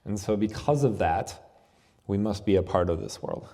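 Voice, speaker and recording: Brief: male yoga teacher, conversational festival talk, warm dark tone, reverberant hall sound. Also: fairly low pitch, animated, normal speed. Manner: conversational, asks "right?" often. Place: festival venue.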